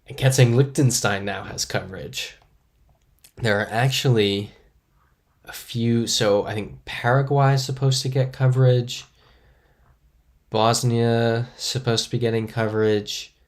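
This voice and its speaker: A man with a steady, mid-range voice streams a geography guessing game live at a measured pace. He thinks aloud, reads the chat and talks with viewers, and pokes fun at himself along the way.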